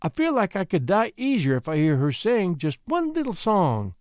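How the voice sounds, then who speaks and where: A man's voice: high-pitched, huge pitch swings, normal speed, darkish tone, no room sound, studio quality. A man voicing a dying young French girl, tearful and pleading in broken French-flavored English.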